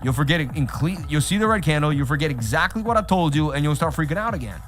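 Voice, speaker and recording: A man hosting a live trading stream, talking straight to his chat in an animated, repetitive way. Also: a little high, fast, faint music behind. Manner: animated, repeats himself, talks straight to chat. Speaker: livestream host. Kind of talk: casual livestream chat.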